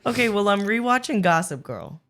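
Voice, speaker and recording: A woman's voice: medium pitch, very animated, moderate pace, a bit bright. A woman on a casual podcast, giggly and a little hesitant as she talks. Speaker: podcast guest. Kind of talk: casual chat.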